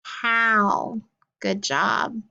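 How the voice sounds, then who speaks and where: A woman's voice: medium pitch, gravelly, sharp tone, clean tone, muffled recording. Encouraging woman teaching phonics. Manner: encouraging, slow sounding-out of words. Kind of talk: phonics lesson.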